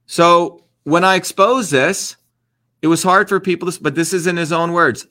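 A man's voice: high-pitched, moderate pace, pushed and bright. A man hosting an online livestream, delivering ranting political commentary in a combative, repetitive, emphatic way.

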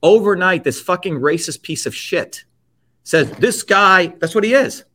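A man's voice: on the high side, expressive, moderate pace, fairly bright tone, a little hiss or hum. A man in his fifties from India, telling his life story as an interview guest in an emphatic, blunt and profane way. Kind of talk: impassioned personal storytelling.

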